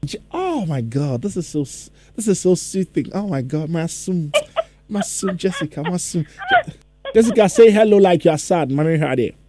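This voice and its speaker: A man's voice: fairly high pitch, animated, normal speed, dark tone, a little hiss or hum. A man hosting a call-in radio show, playful and teasing with callers, sometimes singing the station's phone number. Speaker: radio host.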